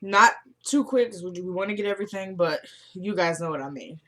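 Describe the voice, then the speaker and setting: A woman giving a casual, animated vlog recap of a TV episode, acting out the characters' lines in a frank, exclamatory way. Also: lowish voice, fairly quick. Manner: animated storyteller who acts out quoted lines. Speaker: TV episode reviewer.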